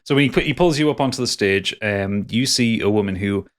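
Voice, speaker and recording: A man's voice: on the low side, a little fast. A man running a tabletop game as game master, narrating casually and playfully, often tripping over and repeating his words.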